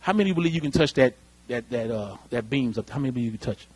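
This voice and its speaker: A man preaching a lively sermon in church, calling out to the congregation. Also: mid-range voice, very fast, slightly rough, no room sound. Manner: animated preaching, calls out to the congregation. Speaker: pastor. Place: church sanctuary.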